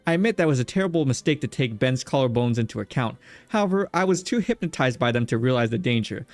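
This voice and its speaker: A man's voice: medium pitch, animated, fast talker, no echo, natural voice. Sardonic young villainess from a game, guy just reading her lines, dry close sound. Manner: plainly read game dialogue.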